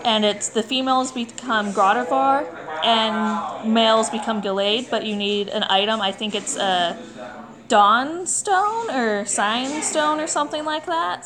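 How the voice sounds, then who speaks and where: A woman's voice: on the high side, measured pace. Lady guest explaining stuff kinda hesitantly, lots of uhs, crowd noise around. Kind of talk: casual chat.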